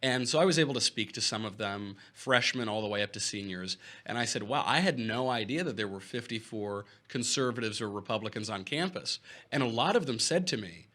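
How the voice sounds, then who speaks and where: Young guy guesting on a talk show, bright edgy voice, dry jokes. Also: fairly low pitch, lively intonation, a little fast. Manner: dry, wry humor. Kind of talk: casual studio chat.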